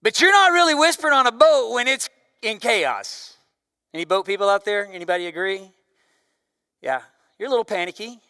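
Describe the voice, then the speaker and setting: A man preaching a sermon as pastor, with a loud voice that swings from forceful emphasis down to near-whispers. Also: sits high, a little fast, pauses often, smooth, no echo, clean studio sound, long reverb tail.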